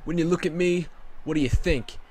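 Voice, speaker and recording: A man voicing a boastful male wrestler who calls himself a king and taunts his rival in a loud promo style. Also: a little high, brisk, pitched above the performer's own voice, lightly acted. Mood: taunting.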